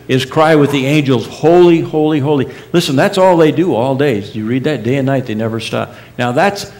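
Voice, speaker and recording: A middle-aged male pastor preaching a sermon in earnest, with emphatic rising peaks, soft drops and casual folksy asides. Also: medium pitch. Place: church sanctuary.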